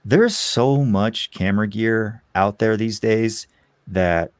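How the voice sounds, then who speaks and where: A man guesting on a podcast, chatting casually and telling candid, animated stories. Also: lowish voice, slow pace, no echo, studio quality.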